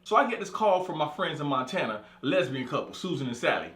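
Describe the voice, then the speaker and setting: A Californian comedian tells a profane comic story as a monologue, animated and acting out the voices of the people in it. His voice sits on the high side, his pace is quick, and the sound is roomy.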